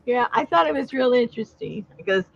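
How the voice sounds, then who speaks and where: This Southern California woman's voice is a little high, gravelly and expressive, moving a little fast as she chats casually on a livestream. She tells stories and laughs often, heard through dull, lo-fi sound.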